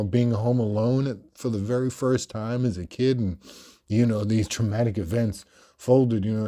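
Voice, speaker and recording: Mellow-voiced Australian man telling stories. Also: fairly low pitch. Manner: projected, animated, deliberately clear speech; rambling with frequent fillers. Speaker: podcast host. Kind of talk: storytelling monologue.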